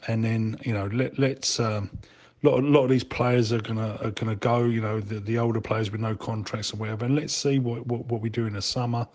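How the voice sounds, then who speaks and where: A man with a low voice leaves a casual voicemail. He talks haltingly, with frequent fillers and restarts as he searches for his words. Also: steady tone, darkish tone. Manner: hesitant, stumbling, full of fillers. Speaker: caller leaving a voicemail.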